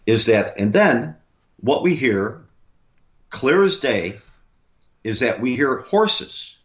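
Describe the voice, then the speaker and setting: On a radio interview, a male paranormal investigator rambles through a long story, with plenty of fillers and restarts. He speaks slowly in a sing-song, medium-pitched voice, and the audio is dull.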